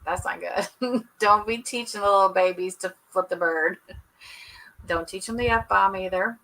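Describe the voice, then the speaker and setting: A woman's voice: medium pitch, fairly even intonation, moderate pace, pushed and bright, low-quality recording. A woman chatting casually with viewers on a home livestream, laughing often and saying "y'all". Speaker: livestream host. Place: at home indoors. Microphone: computer webcam mic.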